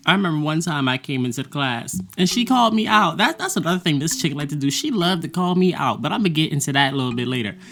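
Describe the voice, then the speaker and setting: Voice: mid-range voice, a bit bright. A vlogger talking casually about a semester, blunt and profane, with frequent laughter. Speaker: vlogger recapping a college semester. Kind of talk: casual monologue.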